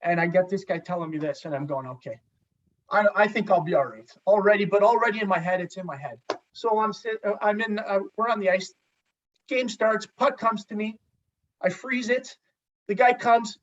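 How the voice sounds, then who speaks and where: A man, a former hockey goalie, telling a story in a casual, animated way and swearing freely. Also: high-pitched. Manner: animated, profane, acts out dialogue. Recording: slightly distant, dull lo-fi sound.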